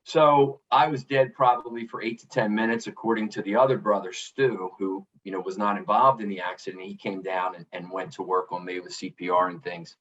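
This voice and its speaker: In a candid storytelling interview, a middle-aged podcast guest who is an author and coach speaks earnestly and reflectively in a fairly low voice, with many restarts and "you know"s. He talks fairly quickly with few pauses, even intonation, and a slightly bright tone. Sitting away from the mic on a dull remote recording, he comes through distant with slight background noise.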